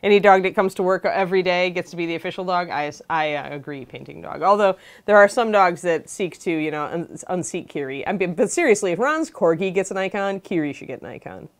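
A woman's voice: on the low side, lively intonation, fairly quick, few pauses. A woman casually hosting a livestream, chatting and greeting viewers by name. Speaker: host of a miniature painting livestream.

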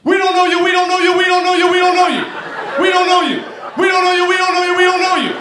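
A man voicing bickering dogs that shout the same words over and over. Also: very high-pitched, steady tone, fast talker, a crowd in the background, pitched above the performer's own voice. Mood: shouting, quarrelsome. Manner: shouting, repetitive. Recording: echoey room from far, clear noise.

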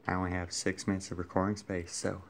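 Low flat-voiced man, deadpan mutter. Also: fast talker, gravelly, noisy background. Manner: deadpan, self-mocking mutter. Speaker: vlogger. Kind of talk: casual toy unboxing vlog. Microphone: phone camera.

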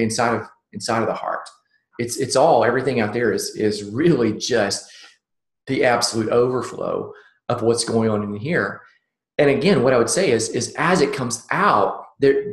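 A man giving a conversational sermon-style talk at a ministry summit, earnest, often restarting sentences and checking in with "okay?". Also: medium pitch. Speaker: speaker at a youth ministry summit. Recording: roomy echo.

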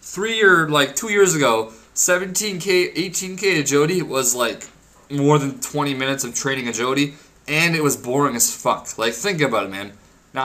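A young man narrating his gameplay with a bright, sharp tone. He is excitable and crude, swearing freely and laughing or whooping when things go his way. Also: medium pitch. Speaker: gaming video creator. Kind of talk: casual gameplay commentary.

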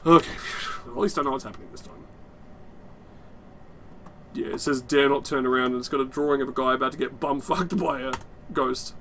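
A man's voice: mid-range voice, a little fast, pauses often, noisy background. A young adult man giving rambling, sweary let's-play commentary, laughing often. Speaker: game streamer.

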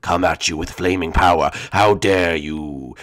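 A man voicing a boastful boss monster's limb, making slow threats in a game role-play. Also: low-pitched, fairly bright tone. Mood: menacing.

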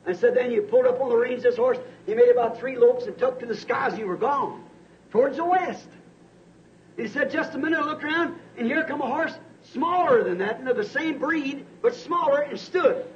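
A male preacher delivering a sermon, telling a story with many repeated "said"s and swinging from hushed tones to shouts. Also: very high voice, a little fast. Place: church service. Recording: dull lo-fi archive tape with faint hiss.

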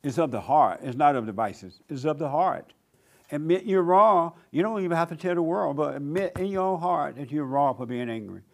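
A man's voice: on the high side, lively intonation, moderate pace, vocal fry. A man preaching a blunt sermon as pastor, mimicking whiny voices to mock them.

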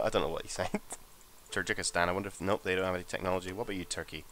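A young man giving casual, profane, joking commentary as he plays a strategy game, excitable and jumping into high-pitched outbursts. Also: rapid-fire. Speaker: gamer and channel host.

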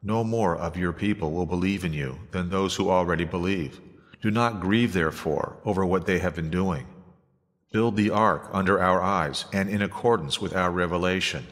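A grave, commanding divine voice, as a man reads it. Deep and slow-measured, ringing in a long reverb. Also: a bit bright. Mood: stern.

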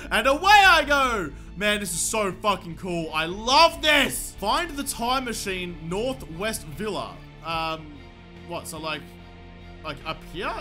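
A young man giving excitable gameplay commentary, swearing often and breaking into shouts when thrilled. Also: high voice. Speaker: gaming video host.

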